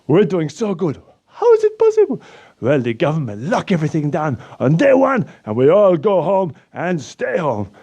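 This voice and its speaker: A man voicing an excitable, proud Slovak man with a Slovak accent who speaks broken English, gushes and panics easily. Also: a little high, moderate pace, gravelly, lo-fi sound, voice pushed up, full character voice. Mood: boastful.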